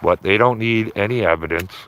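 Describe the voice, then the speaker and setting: Rambling livestreamer, low-pitched man, loose casual talk outdoors by a river, tags lines with "man". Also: fairly quick, a bit bright, a little hiss or hum. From Canada. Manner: rambling, repeats himself, tags phrases with "man". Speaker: livestreaming auditor.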